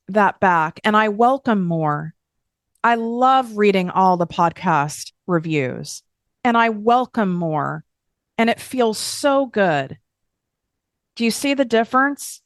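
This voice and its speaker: A woman's voice: mid-range voice, lively intonation, takes it slowly, dry recording, studio quality. A woman hosting a podcast, talking frankly and emphatically in a candid self-help monologue, swearing casually. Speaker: podcast host.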